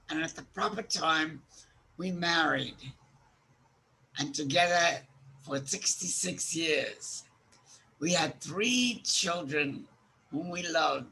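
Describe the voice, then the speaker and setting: Old lady in her 80s, slow halting heartfelt talk, gravelly voice. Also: low-pitched, sharp tone, slight background noise, rough recording. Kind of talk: personal monologue.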